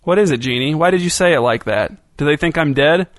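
A woman's voice: sits low, animated, quick pace, no room sound. Storybook woman on the run, restless, blunt, impatient questions, read by a man, dry close sound. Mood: agitated.

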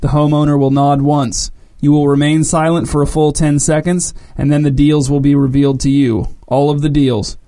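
A man's voice: fairly high pitch, little pitch movement, normal speed, few pauses, dark tone, natural voice. A man voicing a wounded, dying man who is rude and impatient, speaking in a curt, snapping way.

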